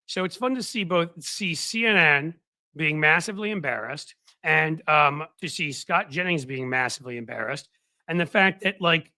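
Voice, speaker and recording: Male commentary host, casual and scornful, bright tone on a dry close mic. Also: on the high side, dry recording. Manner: mocking, quotes others in put-on voices.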